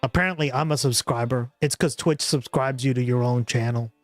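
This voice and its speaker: A man's voice: medium pitch, fairly even intonation, fairly quick, no room sound, faint music behind. A man hosting a livestream, chatting casually with a rambling, profane manner and frequent laughter. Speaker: livestream host. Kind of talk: casual chat.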